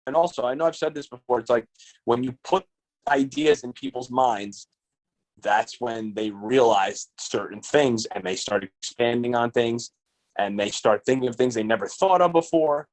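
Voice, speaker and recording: A man's voice: medium pitch, animated, moderate pace, a little mellow. A man co-hosting a podcast in casual chat, ranting bluntly and swearing a lot. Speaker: podcast co-host.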